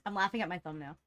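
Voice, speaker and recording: A woman's voice: medium pitch, fairly bright tone. A woman streamer chatting casually with her live chat, greeting viewers by name and laughing often.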